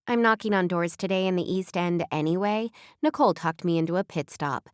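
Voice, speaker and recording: A woman voicing a calm, wise female mentor in an audiobook, explaining steadily with a dry, close sound. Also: fairly low pitch, brisk, smooth, no room sound, close to an everyday voice. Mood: earnest.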